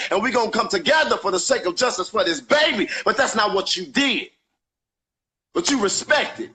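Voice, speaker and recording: A man in a heated argument, forceful and emotional, talking over the other man. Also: sits high, animated, normal speed, a little hiss or hum, poor audio.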